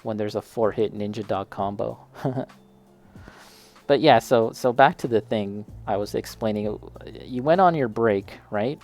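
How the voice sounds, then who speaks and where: A man's voice: fairly low pitch, a little mellow. A man chatting casually while building a model kit, talking straight to a friend and laughing often.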